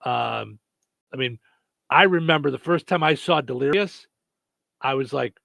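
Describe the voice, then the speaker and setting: A man's voice: mid-range voice, a little slow, creaky, sharp tone, no echo. Rambling radio morning show host, man. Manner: rambling, lots of fillers and restarts. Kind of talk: casual radio chat.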